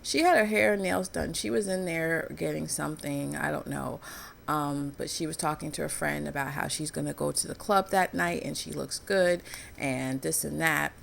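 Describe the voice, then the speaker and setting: A woman's voice: low voice, fairly even intonation, moderate pace, vocal fry, slight background noise. A woman vlogging in a candid personal commentary, telling a story in a frank, earnest way.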